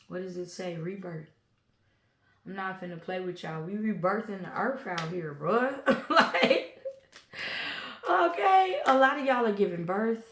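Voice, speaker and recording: A woman's voice: medium pitch, slight background noise. A woman tarot reader hosting her own channel, speaking in an emphatic, slangy, preachy way. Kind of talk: spiritual tarot reading monologue. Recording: echoey room.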